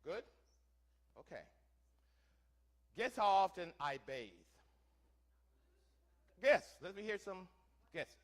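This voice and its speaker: Lively theatrical male reenactor. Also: high-pitched, slow pace, long pauses. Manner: theatrical, quizzing the audience with questions. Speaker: living-history reenactor playing a wagon teamster. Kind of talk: first-person historical interpretation to a live audience. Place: church hall, before an audience.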